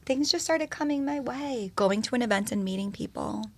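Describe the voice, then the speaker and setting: A woman talking as a podcast guest, telling her story in an animated, expressive way and swearing casually. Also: a little high, moderate pace. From United States.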